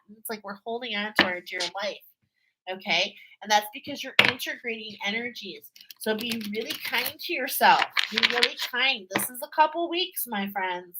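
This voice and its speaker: A woman's voice: mid-range voice, moderate pace, background noise. A woman giving a casual spiritual tarot reading to her viewers, chatty and repetitive, often checking in with "okay?". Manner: chatty, repeats herself, frequent "okay?" and laughs. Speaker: tarot card reader.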